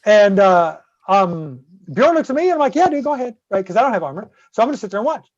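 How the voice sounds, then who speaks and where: A man's voice: high-pitched, sing-song, fast, no room sound. A man guest-hosting a podcast, telling a long rambling story full of swearing and constant "right?" checks. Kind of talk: casual profane storytelling. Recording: dull, dry close-mic sound.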